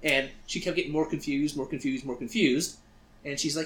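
Guy on a podcast telling a story, bright tense voice, kinda echoey room. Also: mid-range voice, a little fast. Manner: animated, acts out quotes of himself. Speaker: podcast co-host. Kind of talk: casual storytelling.

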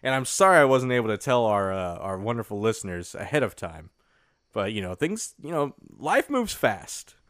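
This co-host has a lowish, fairly bright voice with big pitch swings and a normal pace. His casual podcast chat is full of jokes and frequent laughter, recorded dry at studio quality.

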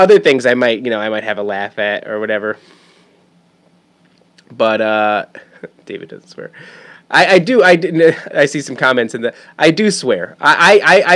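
A man's voice: medium pitch, fairly bright tone. A man, a father, talking in a casual monologue, rambling and swearing freely, with many restarts and stammered words. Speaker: father talking about his son.

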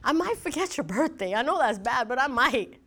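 High-voiced animated woman pastor preaching. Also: a little fast. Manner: animated storytelling with laughs and acted-out dialogue. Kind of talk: sermon.

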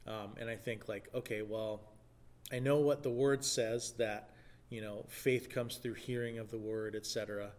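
A man's voice: lowish voice, steady tone, normal speed, a little mellow. A man in a casual church talk, speaking earnestly and thinking aloud with many fillers. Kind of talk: casual chat.

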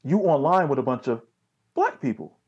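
A man's voice: mid-range voice, moderate pace, slightly rough, highs cut off. A young man, telling stories in casual chat, full of slang and fillers. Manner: animated storytelling with street slang, lots of "like" and "dog".

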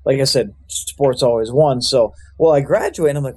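A man's voice: mid-range voice, normal speed, dark tone, husky. A young man, a youth pastor, telling his life story in a loose, rambling way with lots of fillers. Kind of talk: casual storytelling testimony.

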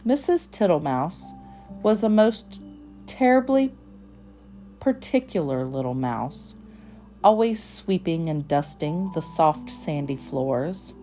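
A woman narrating a children's storybook in a gentle, measured manner. She reads very slowly in a lowish, mellow voice. Soft music plays faintly behind her. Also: sing-song. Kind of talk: storybook read-aloud narration.

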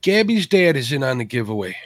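A man co-hosts a live stream giveaway at a mid pitch. The sound is dry and close. He banters easily and greets viewers by name. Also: very animated, a little fast, no echo. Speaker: co-host running a giveaway. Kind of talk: casual live-stream chat.

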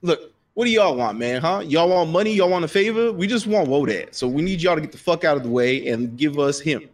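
A man's voice: on the high side, animated, a little fast, natural voice. A man doing a pushy street gang boss. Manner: pushy, aggressive street slang. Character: brash male human street gang leader.

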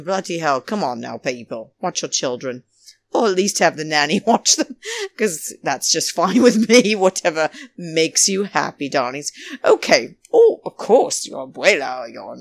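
A woman's voice: low voice, creaky, no room sound. A woman hosting a casual, rambling podcast monologue from home, chatty and theatrical, who keeps calling her listeners darlings. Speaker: podcast host. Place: home, New York.

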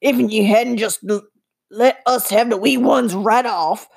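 A woman voicing a scrappy, sharp-toothed male goblin thief who talks in a rough, folksy dialect. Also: fairly high pitch, measured pace, exaggerated voice. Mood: angry.

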